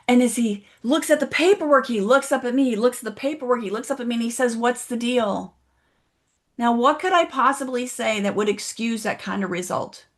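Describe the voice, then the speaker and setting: A woman's voice: on the high side, fast, few pauses. A woman giving a motivational keynote speech, telling a story and asking the audience direct questions. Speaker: motivational speaker. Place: online event, audience in chat.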